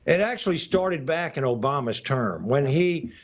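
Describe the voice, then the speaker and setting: A man's voice: fairly high pitch, animated, normal speed, dull audio. A man speaking as a congressman guest in a live TV interview, emphatic and hesitant with many fillers.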